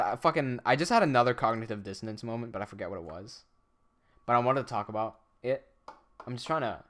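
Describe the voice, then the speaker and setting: A young man animator chatting casually on a livestream; he reads the chat aloud, laughs often and swears a lot. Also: medium pitch. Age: young adult.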